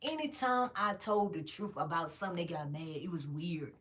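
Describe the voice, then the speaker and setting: A woman's voice: mid-range voice, a little fast, hardly any pauses. A woman, casually and profanely telling viewers a long story about a job. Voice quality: frank, profane, animated storytelling.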